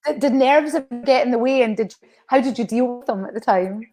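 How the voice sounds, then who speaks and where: A woman's voice: a little high, brisk, dark tone, faint music behind. A woman hosting a casual showbiz interview, friendly and giggly, reading out viewer comments.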